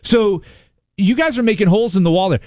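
A man's voice: high voice, a little fast, a little mellow, dry recording, studio quality. A man hosting a casual interview chat, eagerly probing and retelling details. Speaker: host.

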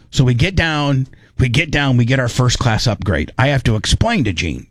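A man's voice: mid-range voice, normal speed, dry recording, clean studio sound. A man casually telling a funny story, acting out the people in it and often laughing. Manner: animated, acts out voices, laughs often.

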